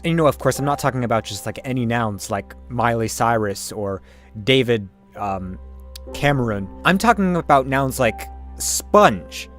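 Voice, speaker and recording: A man hosting a comedy vlog, talking into a webcam in his bedroom with melodramatic, over-sincere delivery. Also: mid-range voice. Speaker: comedy vlogger. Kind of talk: mock-earnest sketch monologue.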